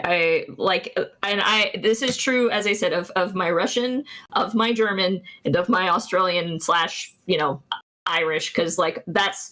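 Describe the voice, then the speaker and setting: A woman's voice: fairly low pitch, a bit bright. A woman, streaming and chatting casually, rambling with many restarts and giggles.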